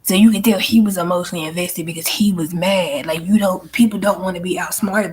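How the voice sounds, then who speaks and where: A woman with a fairly low, slightly mellow voice speaks briskly and with fairly even intonation. She hosts her own channel and works as a life coach, venting bluntly and emphatically in a casual monologue, swearing often and repeating herself.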